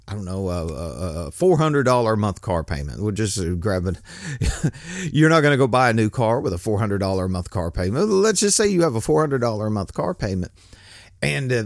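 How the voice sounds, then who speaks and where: A man's voice: medium pitch, dry recording, clean studio sound. Rambling, chuckling older male podcast host. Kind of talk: casual solo podcast monologue.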